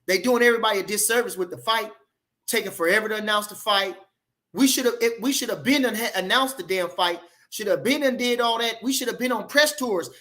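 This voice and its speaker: A man's voice: extremely high pitch, sharp tone. A man in casual opinion talk on boxing, emphatic, repeating phrases and firing off rhetorical questions. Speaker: boxing commentator.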